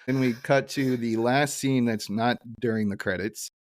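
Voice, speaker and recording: A man co-hosting a podcast, casually recapping a cartoon episode in a laid-back way, his voice dropping low at the ends of lines. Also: steady tone, normal speed. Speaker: podcast co-host.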